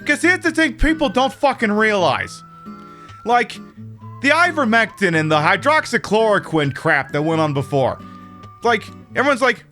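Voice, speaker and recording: A man's voice: sits high, very animated, normal speed, pushed and bright, soft background music. A man with an Australian accent, ranting and swearing in casual chat while streaming a game.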